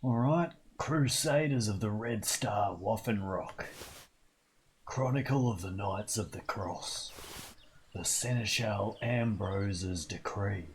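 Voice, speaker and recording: A man's voice: lowish voice, slow pace, a little hiss or hum. A young Australian man streaming a video game, chatting casually in a rowdy, jokey way with plenty of swearing and doting talk to an in-game dog. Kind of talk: casual gameplay commentary.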